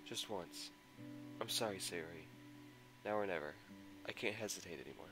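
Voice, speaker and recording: A man's voice: sits low, normal speed, poor audio. A man giving a dramatic first-person narration of a visual novel with an emotional, anguished delivery. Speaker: visual novel mod reader. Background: guitar music.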